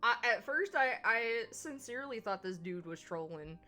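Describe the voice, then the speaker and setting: A woman's voice: on the high side, animated, moderate pace, loud music behind the voice. A young woman chatting casually on a stream, swearing and laughing as she thanks viewers. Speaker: streamer co-host.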